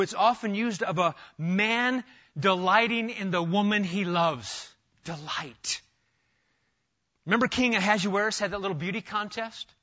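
Animated high-voiced preacher, bright tone. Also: male voice, muffled recording. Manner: animated, emphatic teaching with restarts. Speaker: pastor. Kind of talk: expository sermon.

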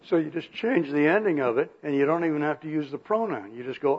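Older male pastor preaching, folksy and chuckling; pitched a touch high, dull lo-fi recording. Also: animated, moderate pace, darkish tone. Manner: folksy, chuckling, clears throat often. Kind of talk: sermon. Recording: muffled lo-fi recording.

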